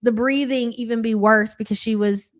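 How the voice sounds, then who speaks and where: A young woman doing live reaction commentary, her voice sitting fairly high. She talks bluntly and sarcastically and swears freely, reading out viewer messages between her remarks. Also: fairly even intonation, normal speed. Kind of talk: casual live-stream commentary.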